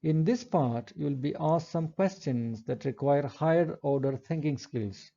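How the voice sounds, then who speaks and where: Warm-toned and fairly high-pitched, a man delivers a recorded English lesson in measured steps, reading example sentences out loud, all in lo-fi sound.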